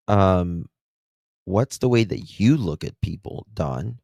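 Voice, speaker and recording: A male live-stream host with a very deep voice talks slowly and sarcastically, teasing the man in the recording. His voice is close and dry. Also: animated, creaky, a little mellow, no echo. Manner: sarcastic, taunting. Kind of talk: mocking live commentary.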